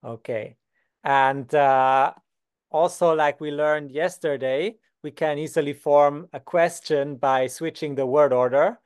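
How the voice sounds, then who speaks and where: A young Swiss man teaching beginners basic German, calm and patient, slowing down to model each word. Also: a little high, clear, resonant tone. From Switzerland. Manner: patient, slows down to model words. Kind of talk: beginner language lesson.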